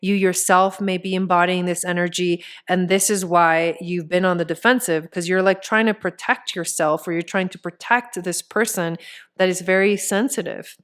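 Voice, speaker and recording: Smooth-voiced woman reading tarot cards. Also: on the low side, steady tone, moderate pace. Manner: chatty, many "like" fillers; speaks straight to the viewer as "you". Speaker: tarot reader and astrologer. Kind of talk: casual tarot reading to camera.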